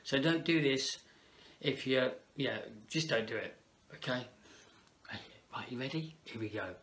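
A man's voice: medium pitch, unhurried, a bit bright. A man, working as a children's entertainer, chatting playfully to kids and a puppet. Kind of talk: children's party entertainer talk.

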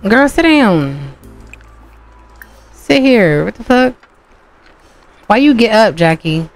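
A woman's voice: medium pitch, big pitch swings, takes it slowly, faint music behind. A woman giving casual gameplay commentary, chatting and playfully scolding the characters on screen. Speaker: game streamer.

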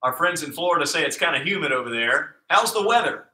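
A man leading a live kids' exercise class, calling out moves in an energetic, upbeat, nonstop patter while exercising along. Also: fairly high pitch, fast talker. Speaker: kids' PE coach. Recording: echoey room sound.

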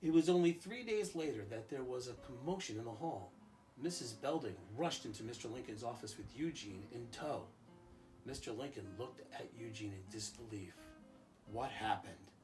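A man, a school principal, reading a picture book aloud to children in a calm, expressive storytelling voice. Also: medium pitch, normal speed, soft background music.

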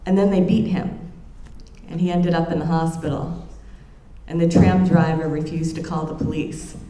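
A low, mellow-voiced woman delivers an academic lecture, earnest and reflective, pausing to restart her phrases as she thinks aloud. Her voice carries through a roomy lecture room with a faint hum of ambience behind it. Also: fairly even intonation. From United States.

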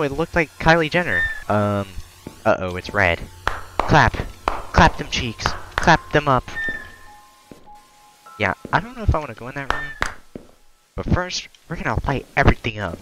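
A man giving crude, profane let's-play commentary on a horror game, joking and yelling when scared. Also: mid-range voice, rough recording. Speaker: gamer playing a horror game.

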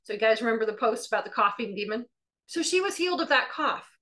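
Lively, bright-voiced woman telling a story. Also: fairly high pitch, fast talker. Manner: lively storyteller acting out dialogue; conversational, with fillers and restarts. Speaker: Christian teacher. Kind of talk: testimony-style teaching.

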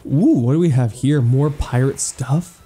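A man giving excitable, gushing gameplay commentary as he tours a game island, cracking playful puns. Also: mid-range voice, unhurried, breathy edge, soft background music. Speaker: gaming YouTuber touring an island.

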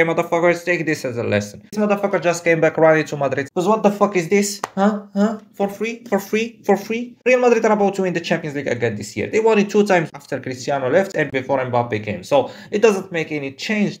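A man in an angry, profane fan rant to camera, exasperated and repeating himself. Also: a little high. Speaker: football fan vlogger.

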